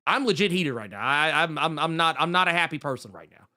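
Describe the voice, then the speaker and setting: A man's voice: fairly high pitch, animated, fast talker, sharp tone. A man co-hosting a comics podcast, ranting in a heated, profane way with lots of restarts while reading out viewer messages. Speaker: podcast co-host.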